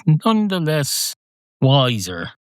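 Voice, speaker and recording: A man's voice: lowish voice, normal speed, a bit bright, no echo, natural voice. A man doing a pedantic talking cat. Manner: argumentative, long-winded.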